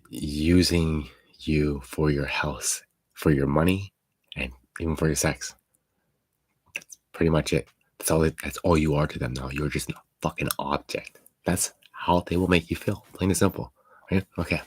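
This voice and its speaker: A man's voice: rumbling low, fairly even intonation, a little slow, husky, no room sound. A man hosting a live chat, talking bluntly and profanely to hurt viewers, rambling with many restarts like a confiding friend. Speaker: livestream host.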